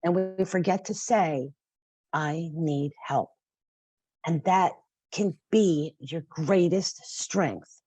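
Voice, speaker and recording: Passionate husky-voiced woman in her 50s. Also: lowish voice, slow pace, mellow, dry recording. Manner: passionate, emphatic, laughs and turns tearful. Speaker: guest. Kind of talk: podcast interview.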